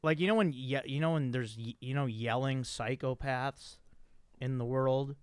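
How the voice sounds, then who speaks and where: A man hosting a podcast, telling a story in a profane, animated way with many restarts. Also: medium pitch, moderate pace, smooth, no room sound, clean studio sound. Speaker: podcast host. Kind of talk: casual chat.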